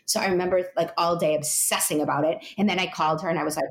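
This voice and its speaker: A woman's voice: fairly low pitch, fairly even intonation, rapid-fire. A woman in her thirties, an interview guest telling a personal story in a rambling way, full of "you know" and restarts.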